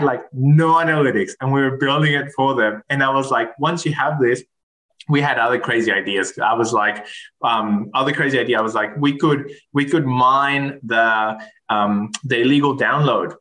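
A man's voice: mid-range voice, a bit bright, poor audio. A man in a casual interview, telling stories from his consulting work with many restarts and fillers. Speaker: guest.

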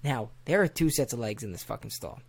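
A man, father of a toddler, telling a profane comic story with animated delivery, often laughing as he goes. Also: medium pitch, fast, creaky, slightly rough. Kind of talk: comedic storytelling.

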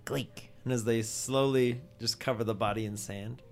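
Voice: medium pitch, steady tone, normal speed, soft background music. Playful game master narrating a tabletop game. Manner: playful, chanting creature noises.

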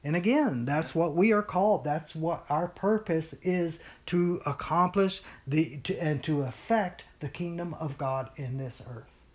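With a mid-range voice and an unhurried pace, a Bible study leader teaches a small group informally. He's animated, often acting out whiny voices, and his speech is full of fillers and restarts.

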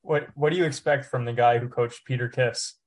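A young man co-hosting a podcast, talking basketball in a relaxed, chatty way, full of "like" and "dude". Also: mid-range voice, brisk. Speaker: podcast co-host. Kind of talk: casual sports chat.

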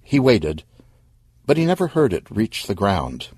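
A man narrating an audio story in a vivid, expressive way. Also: on the low side, measured pace, husky, dry recording, clean studio sound.

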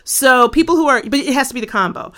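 A woman guest on a comedy interview, telling deadpan comic stories and acting out little scenes. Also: high voice, fast. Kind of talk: comic storytelling in conversation.

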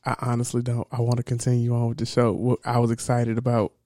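A man co-hosting a podcast from a home workshop, animated as he retells conversations and laughs easily. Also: medium pitch, fast talker, dry recording, studio quality. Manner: animated, laughing storyteller who retells exchanges. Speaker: podcast co-host. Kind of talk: casual podcast chat.

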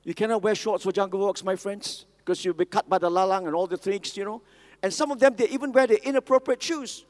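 A man with a high-pitched voice talks fast as he preaches a sermon. He tells stories and asks the audience questions, and a long hall reverb colors the recording.

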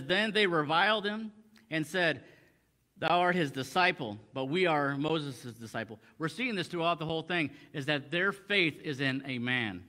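A man's voice: a little high, bright, forceful tone. A man teaching a Bible passage in a conversational sermon, reading verses aloud and explaining them with frequent restarts. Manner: conversational, many restarts, quoting scripture in old English. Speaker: preacher.

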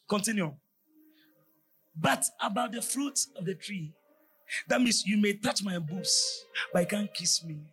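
A man preaching a fervent sermon, often shouting and sliding into a sing-song cadence. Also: sits high, animated, measured pace.

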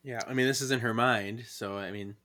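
A man co-hosting a podcast, retelling a comic in casual chat, relaxed and hesitant with drawn-out fillers. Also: mid-range voice. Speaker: podcast co-host.

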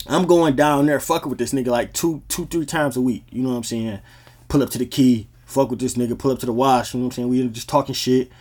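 A man's voice: mid-range voice, a little mellow. A man, telling stories from his life in a laid-back, slangy podcast style. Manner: laid-back slangy storytelling, frequent "you know what I'm saying". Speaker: podcast host. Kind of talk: casual storytelling.

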